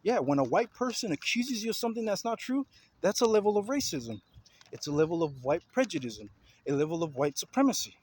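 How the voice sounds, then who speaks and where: A man's voice: high-pitched, big pitch swings, brisk, a little mellow, husky, poor audio. A man ranting heatedly to his viewers in a video commentary, repeating himself and confronting his listeners with questions. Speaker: vlogger.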